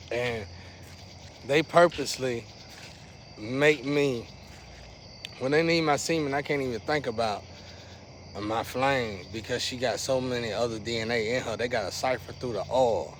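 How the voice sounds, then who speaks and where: A man talks straight to his viewers in a loose, rambling monologue full of slang. His voice sits in a middle pitch and keeps surging louder, then dropping low. A faint background noise hums beneath him. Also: a little slow, long pauses. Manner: rambling, slangy, restless swings in loudness. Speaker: vlogger.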